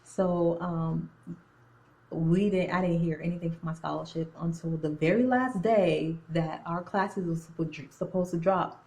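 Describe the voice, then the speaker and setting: A young woman in nursing school telling a story in a casual, animated, slangy way, drifting in and out of an accent. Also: fairly low pitch, a little slow, poor audio. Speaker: nursing student. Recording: phone-recorded video.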